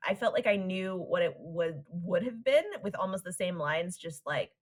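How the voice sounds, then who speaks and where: A woman's voice: on the low side, moderate pace. A woman co-hosting a podcast, recapping a cartoon episode in a casual, wry and giggly way. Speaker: podcast co-host.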